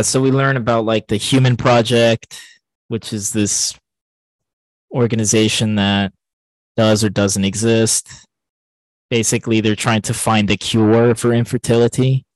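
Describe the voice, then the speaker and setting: A man with a fairly low voice talks through a film on a podcast he co-hosts. He rambles, restarts often and leans on fillers. The sound is dry and close, with no room around it. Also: no room sound, poor audio. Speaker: podcast co-host. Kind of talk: casual film discussion.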